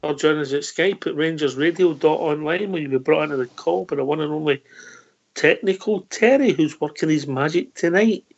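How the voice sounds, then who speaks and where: A man runs a casual radio phone-in in a brisk, matey way. His voice sits a little high. The sound is dull and lo-fi, like an online call. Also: vocal fry. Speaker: phone-in host.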